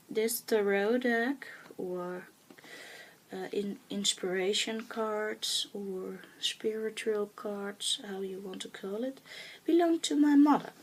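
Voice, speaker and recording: A woman with a Dutch accent, talking softly and hesitantly in a casual show-and-tell vlog, often dropping into a whisper, with many pauses and fillers. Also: mid-range voice, a little hiss or hum, rough recording. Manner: soft-spoken, often slipping into a whisper. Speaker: craft vlogger.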